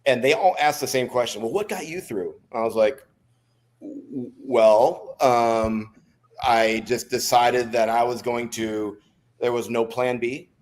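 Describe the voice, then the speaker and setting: A man's voice: medium pitch, measured pace. A middle-aged American man talks through an old memory on a podcast. He rambles at an easy pace, restarting his sentences as he goes. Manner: relaxed, rambling storyteller with restarts. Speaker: guest, former Navy SEAL. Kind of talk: storytelling in a podcast interview.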